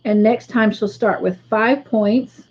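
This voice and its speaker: A woman hosting a casual livestream, slowly tallying up points for viewers. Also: fairly high pitch, steady tone, darkish tone, dull audio. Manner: slow, careful tallying of points. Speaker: livestream host.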